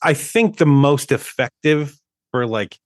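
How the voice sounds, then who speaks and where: A man co-hosting a movie podcast, in an animated, rambling manner with frequent restarts. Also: mid-range voice, slow pace, no echo, clean studio sound. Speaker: podcast co-host. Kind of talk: casual movie discussion.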